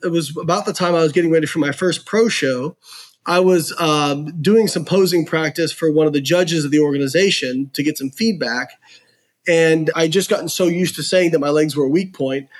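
A man being interviewed on a podcast who tells stories and explains research in an animated, earnest way, filling his talk with "like" and "you know.". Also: a little high, moderate pace. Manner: earnest, frank. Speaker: podcast guest. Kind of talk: casual storytelling and explaining research.

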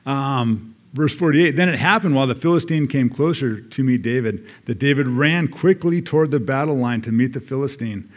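American male church elder, mid-pitched, folksy sermon delivery with scripture readings. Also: moderate pace, hardly any pauses. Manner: conversational, reading scripture aloud with asides.

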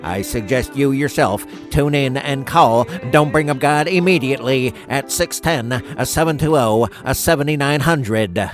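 An actor playing a calm, earnest male believer who announces a radio show in a comedic promo. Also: mid-range voice, measured pace, few pauses, lightly acted. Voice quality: steady, earnest. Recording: music bed under voice.

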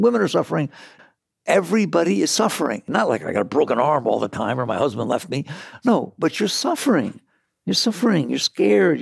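A man giving a spiritual talk to an audience, animated and rhetorical, with laughing asides. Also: a little high, creaky, breathy edge, no room sound, clean studio sound. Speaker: spiritual teacher.

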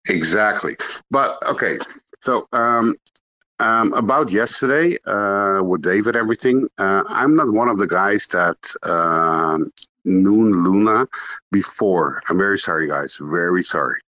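Man from the Netherlands, English, low-ish pitch, halting with lots of fillers, casual audio chat. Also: bright, forceful tone, low-quality recording. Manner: halting, searching for English words with many fillers. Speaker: restaurant owner.

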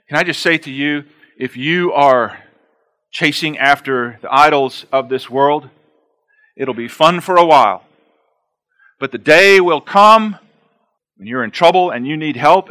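Forceful, bright-voiced male preacher. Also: a little high. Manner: emphatic, repeats key phrases for effect; reads scripture aloud between plain-spoken asides. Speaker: pastor. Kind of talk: expository sermon.

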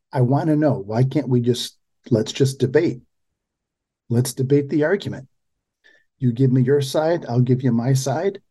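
A man's voice: medium pitch, warm tone, husky. A man hosting a political talk radio show, talking emphatically and often restarting his phrases.

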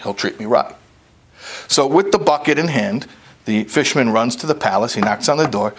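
A man giving a conversational lecture, telling a parable in an animated, plain-spoken way. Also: mid-range voice, a little fast. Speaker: speaker. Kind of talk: storytelling lecture.

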